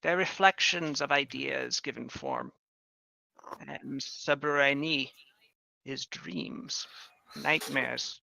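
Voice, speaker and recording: Weary, solemn old witch, voiced by a man, slow and gravelly, dry close mic. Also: a little high, bright, forceful tone, no echo, heavily acted, poor audio.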